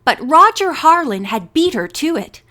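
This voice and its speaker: A woman narrating a mystery novel as an audiobook reader in a steady, measured manner. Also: sits high. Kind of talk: reading a novel aloud.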